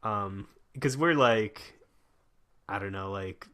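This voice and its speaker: A young man talks casually with friends, his voice bright and a touch low. He rambles, restarts sentences and leans on fillers. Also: slow pace. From United States. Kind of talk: casual chat.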